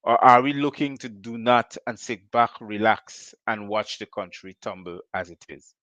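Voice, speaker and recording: A man's voice: fairly low pitch, moderate pace, fairly bright tone, dry recording, highs cut off. A Guyanese man hosting a call-in show, firing off rhetorical questions in a fiery political monologue.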